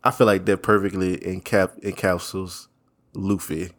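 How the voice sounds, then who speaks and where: A man co-hosting a casual podcast remotely, relaxed and profane, laughing a lot between stories. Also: low-pitched, normal speed. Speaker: podcast co-host. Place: own setup, recording separately from co-host.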